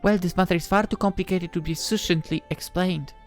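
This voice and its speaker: A woman voicing a fairy godmother, explaining things in a measured, formal way. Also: on the low side, steady tone, faint music behind, close to an everyday voice. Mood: gentle.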